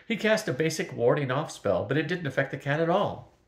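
An older man voicing an absent-minded, fussy male wizard scholar in a storybook reading, raised and lively, in a roomy recording. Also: on the high side, brisk, voice pushed up. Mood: distracted.

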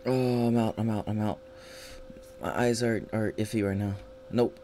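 A man's voice: lowish voice, steady tone, normal speed, warm tone, slight background noise. A man giving live gameplay commentary, swearing constantly and swinging between panicked yelps and frustrated grumbling. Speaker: gaming channel host.

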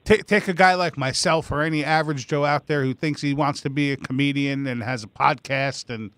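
A man's voice: mid-range voice, fairly even intonation, a little fast, a bit bright, clear, resonant tone, no room sound. A man hosting a podcast in casual chat, asking long rambling questions full of fillers. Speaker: podcast host.

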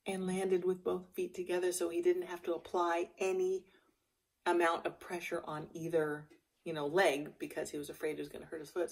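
A woman vlogger telling a rambling, animated story in a casual chatty way. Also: on the low side, slightly rough.

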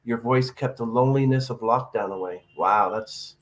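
A man's voice: mid-range voice, normal speed. A man hosting a casual podcast interview, chatting and reading out viewer comments. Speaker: podcast host.

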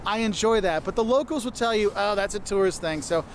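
Man, travel video presenter, high voice, chatty, explanatory, faint background noise. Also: fairly quick. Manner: chatty, explains with "okay?" and "look". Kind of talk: scripted travel guide talk.

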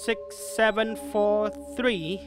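A woman hosting a let's-play video, giving excitable commentary and swearing and shouting at the game. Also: medium pitch, slow, over loud music. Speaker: gaming video host.

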